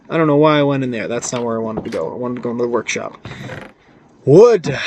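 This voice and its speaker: Here the gaming host's medium voice has lively intonation and runs a little fast, with a faint hiss or hum in the background. The young man narrates his play casually, rambling, clowning around, and breaking off his own sentences.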